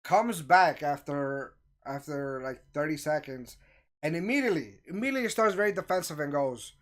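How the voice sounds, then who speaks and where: A man with a somewhat higher voice tells a story in a relaxed, chatty way. He gets animated, acting out the lines of the people in it. It sounds like casual storytelling among friends. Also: normal speed. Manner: animated, acts out quoted voices. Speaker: host telling a story.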